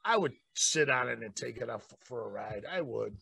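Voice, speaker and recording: A middle-aged man co-hosting a podcast, laid-back and teasing, who jumps in with quick reactions in casual chat. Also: medium pitch, animated, gravelly, pushed and bright, breathy edge. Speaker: podcast co-host.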